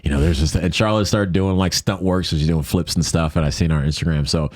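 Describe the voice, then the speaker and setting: A man with a very deep voice tells a personal story as a podcast guest, loose and rambling with frequent restarts. He jumps up into the voices of the people he quotes. The sound is dry and close, with no room around it. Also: quick pace, dry recording. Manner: animated, acts out quoted voices. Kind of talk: casual storytelling.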